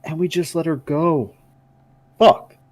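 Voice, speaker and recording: A man playing a tabletop role-playing game, joking around and describing his character's actions in a playful, expressive way. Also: on the low side, fast. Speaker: player. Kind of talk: tabletop role-play chat.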